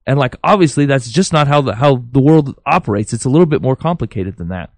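A man's voice: medium pitch, expressive, fast, no echo. A man co-hosting a podcast, giving his views earnestly, thinking aloud with many fillers and restarts. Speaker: podcast co-host. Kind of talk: casual opinion chat.

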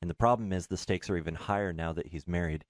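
A man's voice: deep voice, fast talker, dry recording, clean studio sound. A man giving blunt, serious advice in a casual chat.

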